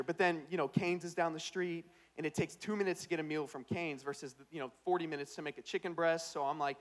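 A young male pastor delivers a sermon like a comedian telling a story on himself, with a slightly high voice. He drops into swaggering put-on voices for quoted lines, then swings from hushed asides to loud, bright punchlines. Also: steady tone, fast, few pauses.

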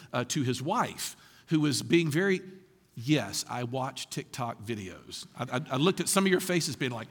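Lively high-voiced male preacher in a hall. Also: husky. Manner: animated, rhetorical questions, laughs through lines. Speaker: pastor. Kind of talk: sermon.

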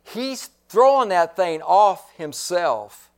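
Male pastor, high voice, unhurried emphatic sermon delivery with repetition. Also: animated, smooth. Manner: emphatic preaching, repeats phrases.

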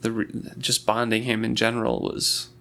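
A man's voice: fairly low pitch, flat delivery, normal speed, gravelly, fairly bright tone. A man co-hosting a casual book discussion who makes brief remarks and agrees with his co-host. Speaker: podcast co-host.

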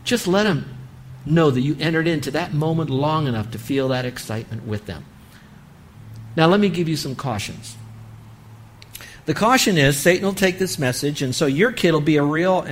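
A man preaching a sermon on parenting, earnestly acting out what a parent might say. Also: a little high. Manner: earnest, acts out parent-child dialogue. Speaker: pastor.

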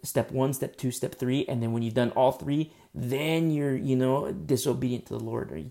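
Guy preaching a sermon, gravelly low-key tone, kinda dark voice, slows right down and gets loud on the big words. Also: fairly even intonation. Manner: emphatic, rises sharply on stressed words; restarts and many fillers. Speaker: pastor.

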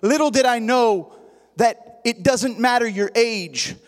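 A man's voice: extremely high pitch, slow pace, big-room sound. A man preaching a sermon, praying and telling a story, rising at times into a sing-song preaching cadence. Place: church sanctuary.

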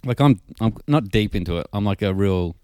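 A man's voice: lowish voice, expressive, a little fast, a little mellow, no echo. An Australian man co-hosting a casual podcast, laid-back and teasing, laughing often. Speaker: podcast co-host.

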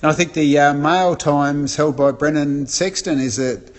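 A man roving around as a reporter, putting breezy questions to a guest. His voice sits a little high. A long reverb trails each line. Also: steady tone, normal speed. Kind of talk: casual interview.

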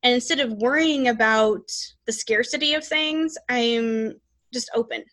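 A woman's voice: on the high side, unhurried, fairly bright tone. A woman hosting a podcast, chatting casually about her life and her readings in a rambling way with many restarts. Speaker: podcast host and psychic reader.

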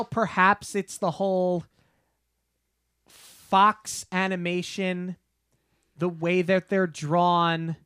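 A man co-hosting a podcast, building up a story slowly with playful disbelief. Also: high-pitched, fairly bright tone, smooth, no echo, clean studio sound. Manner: slow, deliberate build-ups with playful disbelief. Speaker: podcast co-host. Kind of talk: casual podcast chat. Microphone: podcast microphone.

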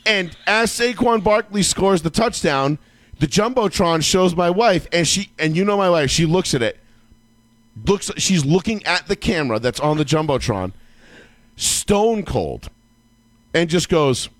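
A man co-hosting a casual sports talk show, telling a long story in a loose, profane way and breaking into yelling when he acts out his own outbursts. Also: sits high, expressive, measured pace, no room sound. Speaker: podcast co-host.

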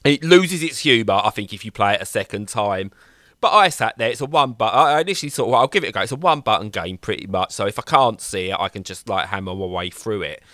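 A young man co-hosting a casual chat, rambling and animated as he acts out little voices. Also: lowish voice, brisk, no room sound, clean studio sound. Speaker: podcast co-host reviewing games.

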